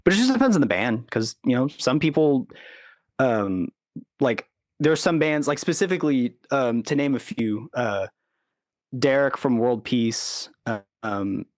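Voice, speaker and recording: This podcast guest, a recording engineer and producer, talks in an unhurried, expressive way at medium pitch. Casual and rambling, he's full of "like" and "you know" and performs quotes from others. The studio-quality audio has no room sound.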